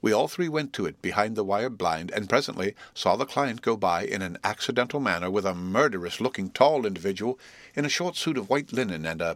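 Male audiobook narrator, low voice, dry close recording, measured telling. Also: a bit bright, no room sound. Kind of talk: scripted narration.

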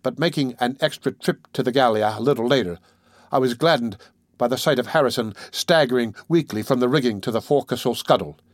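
Male audiobook narrator, measured and even, mid pitch, dry close sound. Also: no echo. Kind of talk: scripted first-person novel narration.

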